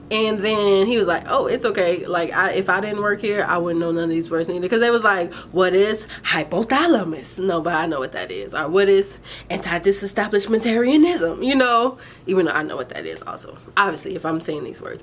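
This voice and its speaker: Young woman vlogger, casual and animated storyteller with a mid-range voice and a faint hum of room ambience behind her. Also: medium pitch. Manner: animated, chatty, addresses viewers as y'all, colloquial.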